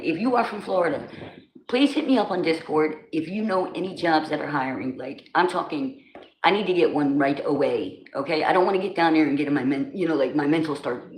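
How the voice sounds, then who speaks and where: A woman in her forties with a low, darkish voice and a New Jersey accent hosts a casual livestream. She chats loosely with viewers, greeting them by name in slangy talk. The recording sounds roomy, with faint background noise.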